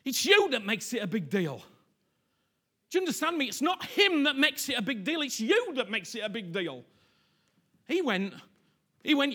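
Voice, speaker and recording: Man preaching a sermon, high bright voice, husky, swings from hushed to loud. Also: sing-song, moderate pace, pauses often. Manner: impassioned, swinging from hushed near-whispers to loud pleas; repeats phrases for emphasis.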